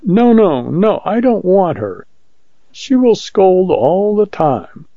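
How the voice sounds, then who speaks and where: Frightened young woman, high and pleading, read by a male narrator; muffled lo-fi sound. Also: big pitch swings, slow, no echo, exaggerated voice. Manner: pleading, fearful. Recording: dull lo-fi recording.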